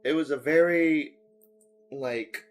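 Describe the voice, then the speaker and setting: A man hosting a casual podcast, his voice sitting a bit high for a man. He tells stories with lots of animation and breaks into mock announcer hype now and then. Faint music plays softly in the background. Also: slow. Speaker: podcast host. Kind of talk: casual chat.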